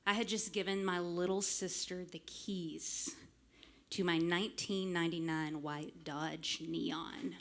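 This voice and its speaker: A woman, telling a humorous personal story live on a club stage into a microphone, lively and self-mocking with frank swearing. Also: fairly low pitch, slow. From small town in Arkansas, US. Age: late 30s. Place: stage of a small music club. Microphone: stage microphone fed straight from the soundboard.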